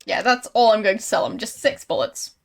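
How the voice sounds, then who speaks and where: A woman's voice: medium pitch, brisk, vocal fry. A woman streaming a game, commenting casually in a wry, playful way and laughing at what happens.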